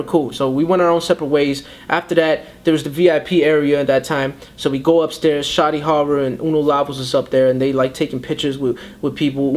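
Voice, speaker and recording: A young man telling a story in a casual interview. He tells it animatedly and slips into voices for the people he quotes. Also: a little high. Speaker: battle rapper.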